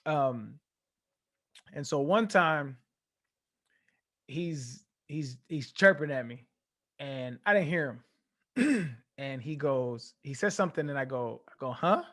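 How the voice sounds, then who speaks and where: A young man from California, a former pro football player telling a story as an interview guest, animated and acting out the voices he quotes. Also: mid-range voice, slow, long pauses.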